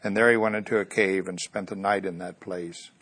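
A man's voice: sits low, steady tone, fairly quick, fairly bright tone, breathy edge. A man preaching a sermon, earnest, bringing the story's voices to life as he goes.

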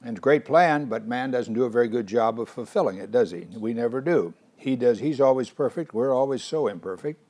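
An older man in his sixties preaching a sermon, earnest and animated, with many rhetorical questions. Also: mid-range voice, a little fast, hardly any pauses.

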